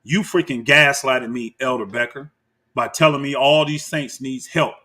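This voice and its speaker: Fired-up man, husky voice, bright edge. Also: mid-range voice, normal speed. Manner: animated and combative, addresses viewers as y'all. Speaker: commentator reacting to clips. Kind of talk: heated reaction commentary.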